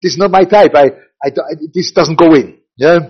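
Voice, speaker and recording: A man's voice: on the high side, normal speed, husky. An older man, a rabbi giving an informal Torah lecture, rambling and repeating himself as he mixes in Hebrew and Yiddish terms. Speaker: rabbi teaching a class. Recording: dull lo-fi recording.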